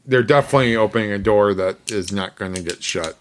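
A man talks on a casual podcast with a lowish voice. He is laid-back and hesitant and often restarts his sentences while he thinks. The chat is relaxed and unscripted. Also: brisk, slight background noise. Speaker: podcast co-host.

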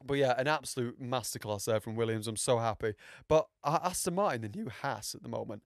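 A man's voice: medium pitch, a little fast, no room sound, clean studio sound. A young man hosting a casual podcast, rambling and self-mocking, with many fillers and restarts. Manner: puts on mock accents. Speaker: podcast host. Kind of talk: casual motorsport podcast chat.

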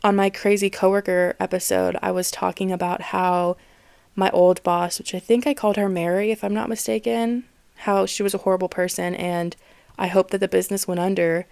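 A woman's voice: mid-range voice, level tone, a little fast, vocal fry, darkish tone, smooth, no echo. A woman in her twenties hosting a casual solo podcast, talking candidly, swearing freely and laughing often. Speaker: podcast host.

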